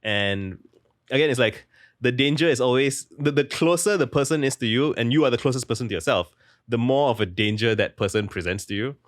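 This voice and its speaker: A man's voice: mid-range voice, a little fast, dry recording, clean studio sound. A young man talking casually as an interview guest, rambling and full of "like" fillers. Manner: rambling, heavy use of "like", restarts mid-thought. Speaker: guest author.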